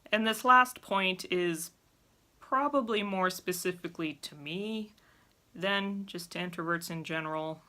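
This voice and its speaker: A woman's voice: lowish voice, unhurried, pushed and bright. A woman talking bluntly and with exasperation to camera in a casual vlog. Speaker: vlogger.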